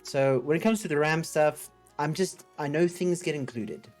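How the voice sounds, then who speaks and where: A man's voice: fairly high pitch, moderate pace, soft background music. A man hosting a casual coding livestream, thinking aloud and chatting with viewers in a rambling, upbeat way. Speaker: livestream host.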